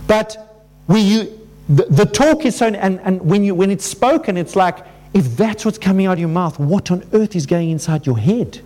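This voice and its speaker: A male pastor with a high, light voice delivers a sermon in an easy, conversational way. He often breaks off and restarts his sentences. He animates his points by acting out quoted inner voices. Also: expressive, normal speed, mellow. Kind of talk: sermon to a congregation.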